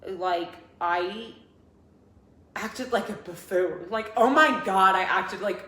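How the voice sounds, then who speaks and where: A woman's voice: medium pitch, takes it slowly. Chatty young woman in an echoey room. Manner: animated storytelling, laughing often, many fillers. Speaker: podcast guest, coach. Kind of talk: casual chat. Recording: echoey room, faint ambience.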